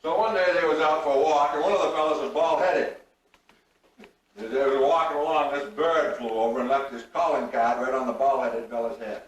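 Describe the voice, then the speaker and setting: A man's voice: medium pitch, fairly even intonation, brisk. An older man, telling folksy rural jokes to a reunion crowd in a drawling way and acting out the punchlines. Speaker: storyteller. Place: large room at a reunion. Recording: echoey room, recorded from far off.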